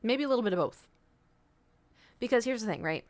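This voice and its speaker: A woman's voice: a little high, lively intonation, brisk, a little mellow. A woman streamer chatting casually with viewers, telling a rambling story with swearing and the odd whispered aside. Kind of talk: casual chat.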